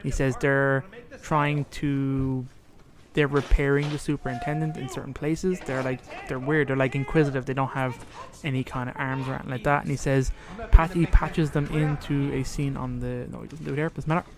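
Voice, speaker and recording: A man's voice: medium pitch, level tone, moderate pace, a crowd in the background. A man co-hosting a podcast, retelling a story casually and acting out quoted lines along the way. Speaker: podcast co-host. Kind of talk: casual chat recapping a story.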